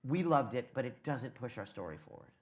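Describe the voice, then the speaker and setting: A man's voice: medium pitch, animated, brisk, darkish tone. A man, a television writer on a conference panel, answering questions candidly with anecdotes and casual swearing.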